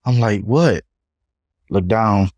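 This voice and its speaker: A man's voice: on the low side, slow, no echo, lo-fi sound. Young man telling a story. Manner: animated retelling, acts out others' voices. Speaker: podcast guest. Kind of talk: casual storytelling.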